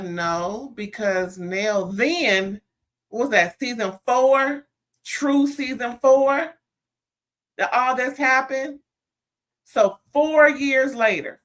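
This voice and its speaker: A woman reviews a reality TV episode live for her viewers. She is animated and sassy and keeps her talk casual and direct. She speaks at an ordinary middle pitch. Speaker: reality TV recap host.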